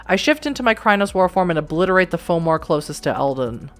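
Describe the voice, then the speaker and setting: A woman's voice: fairly low pitch, very animated, fast talker, faint music behind. A woman streaming a story game, reading its narration aloud and reacting with casual, wry asides. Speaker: let's play streamer.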